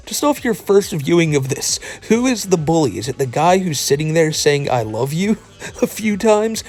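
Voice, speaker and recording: A man talks through a casual commentary at a mid pitch, with a mocking edge and frequent laughs. He swears freely and speaks in an offhand, chatty way. Faint music runs underneath. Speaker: commentary YouTuber.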